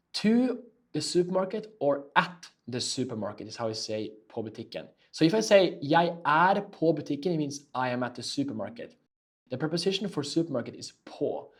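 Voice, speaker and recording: A man teaching a casual language lesson. He says key phrases slowly and repeats them, then explains quickly. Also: medium pitch.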